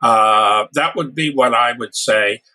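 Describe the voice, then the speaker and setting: An older man, a guest author, talking casually with frequent pauses and wry humor. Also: mid-range voice, bright, forceful tone. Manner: hesitant, many uhs and restarts, wry humor. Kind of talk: casual podcast interview.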